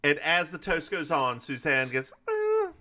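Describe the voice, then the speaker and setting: Bright, gossipy male podcast host. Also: on the high side, normal speed. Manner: chatty, gossipy, quotes characters. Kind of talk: casual chat recapping a TV episode.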